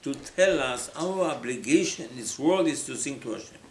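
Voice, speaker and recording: A man delivers a sermon in a roomy, echoing space. He speaks at a middle pitch, stresses his points through repetition, and slips into the voices of the people he quotes. A faint hum of ambience sits behind him. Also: lively intonation, normal speed. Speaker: rabbi. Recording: echoey room with faint ambience.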